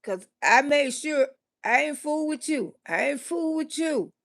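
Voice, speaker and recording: A sheepish boyfriend pleads softly and keeps calling her baby, as a woman comedian acts him out in her story. The voice stays high and gravelly, with a begging, hushed manner. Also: animated, measured pace, exaggerated voice. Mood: pleading. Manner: soft, begging, repeats "baby".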